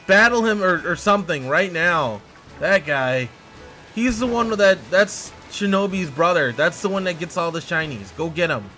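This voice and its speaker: A man streaming a game live, excitable and exasperated, talking to his chat and to the game. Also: sits high, normal speed, faint music behind.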